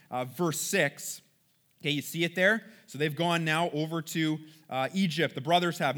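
A man leading a casual Bible lesson, chatty and animated, acting out the people in the story. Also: fairly high pitch. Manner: chatty, animated, acts out quotes. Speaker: Bible study teacher.

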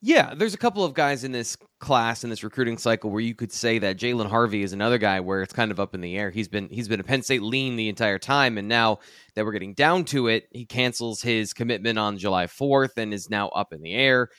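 A man's voice: fairly low pitch, fairly quick, a bit bright, clean tone, no echo. A man breaking down a football recruit on a sports talk show, conversational and thinking aloud, with a dry sarcastic streak. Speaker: college football recruiting analyst.

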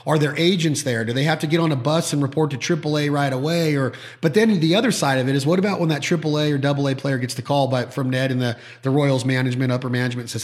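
A man's voice: mid-range voice, fast, few pauses. A man hosting a podcast, talking casually and acting out quoted people as he tells stories. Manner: animated storyteller who acts out quoted voices. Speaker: podcast host. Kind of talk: casual chat.

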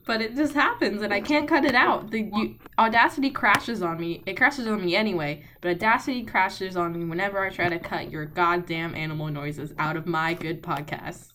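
A woman's voice: mid-range voice, normal speed, hardly any pauses, pushed and bright, a little hiss or hum. A woman hosting a podcast over a call, sarcastic and exasperated in casual chat. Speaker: podcast host.

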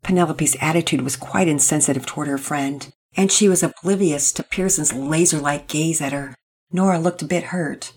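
A woman narrating a children's story in an expressive reading voice. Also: low-pitched, normal speed, breathy edge.

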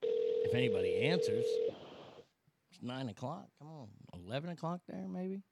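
A man's voice: mid-range voice, big pitch swings, normal speed, vocal fry, heavy background noise. A man hosting a stream of prank calls, chatting loosely and laughing between bits. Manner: amused, loose, laughing asides. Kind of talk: casual live-stream commentary.

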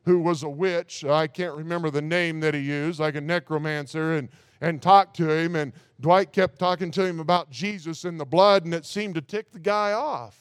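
A man's voice: fairly high pitch, fairly even intonation, moderate pace, clear, resonant tone, no echo, clean studio sound. A man preaching a sermon, reading scripture aloud and breaking off with rhetorical asides.

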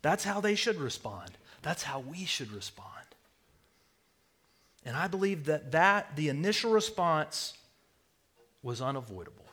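A man preaching a sermon, swinging between loud declarations and hushed near-whispers. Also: a little high, big pitch swings, measured pace, pauses often, husky. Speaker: pastor.

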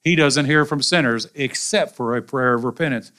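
A pastor with a Southern US accent preaching a sermon in a folksy, animated way with colloquial asides. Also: male voice, medium pitch, moderate pace. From American South.

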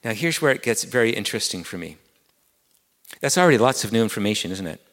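A man's voice: fairly low pitch, expressive, fast talker, fairly bright tone, long reverb tail. A man with an English accent preaching a sermon as pastor, earnest and repeating key words, climbing to emphatic peaks.

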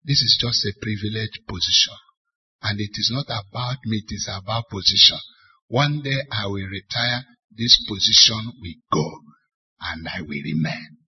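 A middle-aged Nigerian man, a bishop, preaching a sermon to church leaders with emphatic rhetorical questions and loud bursts of stress. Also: fairly low pitch, normal speed, slightly rough. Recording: dull lo-fi church recording.

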